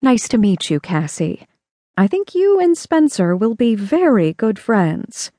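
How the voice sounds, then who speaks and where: A woman playing a gentle, motherly woman. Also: a little high, sing-song, measured pace, no room sound, clean studio sound. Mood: kindly. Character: kind, gentle mother in her thirties. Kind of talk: audiobook character voice.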